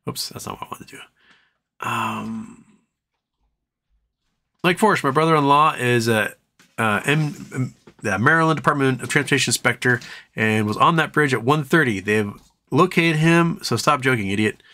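His pace is normal but broken by long pauses, and his voice sounds pushed and bright. The man hosts a relaxed live stream, joking, rambling, reading chat, and chatting to his dog in a high baby voice.

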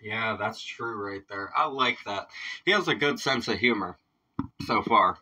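Brief: male reaction host, very bright tone, laid-back casual chatter, sitting a bit off the mic. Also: fairly low pitch, unhurried, recorded from a distance, poor audio.

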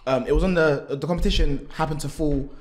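A man's voice: fairly high pitch, fairly even intonation. A young man, a guest athlete talking candidly and casually on a podcast, laughing now and then. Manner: slangy, fast and open, laughs often.

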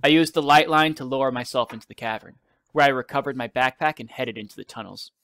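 A male teacher reads a novel aloud to his class in a measured storytelling voice. His middle-pitched voice has a gravelly edge, recorded close and dry with no room sound. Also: a bit bright, no echo.

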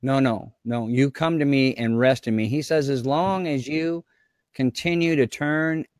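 A man's voice: medium pitch, a little slow, a little mellow, dry recording, clean studio sound. A man preaching as a guest pastor, fervent and repetitive, often speaking in the voice of God to his viewers.

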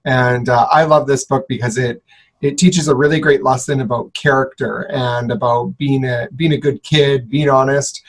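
Male school staffer, husky, casual and unhurried, mid-range pitch. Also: poor audio. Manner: relaxed, with frequent "uh" and "um". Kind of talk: casual chat to students.

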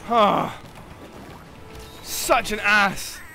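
A young man giving live gameplay commentary, swinging from loud swearing outbursts to low muttering as he plays. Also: drawn-out words, creaky, faint music behind. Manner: swears and yelps at the game. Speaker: gaming commentator.

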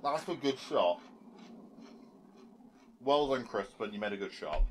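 Animated English man picking at a film. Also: mid-range voice, a little slow, a little hiss or hum. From England. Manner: animated, questioning, nitpicking. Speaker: podcast co-host. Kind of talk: casual film commentary.

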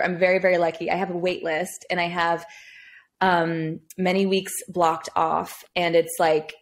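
A woman singing coach talking casually as a podcast guest, chatty and full of "like". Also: on the low side. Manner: chatty, peppers speech with "like".

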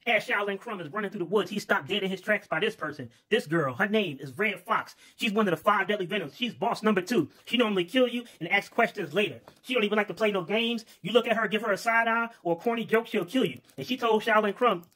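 A man spins an improvised comic kung-fu tale, rambling and cursing as he goes. His voice sits high and bright, and he talks at a rapid clip. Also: husky. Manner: profane, rambling, casual. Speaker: storyteller. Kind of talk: comedic improvised storytelling.

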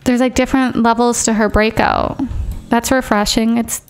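A young woman chatting casually as she streams a life-simulation game, excitably telling her characters what to do. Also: fairly high pitch, normal speed, clean tone, soft background music. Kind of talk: casual gameplay commentary.

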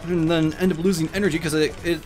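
A man's voice: a little high, flat delivery, fast talker, a little mellow, soft background music. A man casually commenting on a party video game, rambling and joking, often breaking into silly voices. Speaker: let's play gamer.

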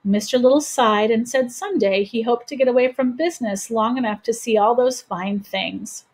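A woman reading a children's chapter book aloud in a gentle, steady voice. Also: fairly high pitch, moderate pace. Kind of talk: children's storybook read-aloud.

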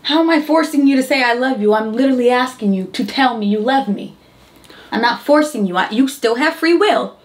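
A woman's voice: a little high, lively intonation, a little fast. A woman in a comedy skit, talking in an insistent, exasperated way as she pushes her partner.

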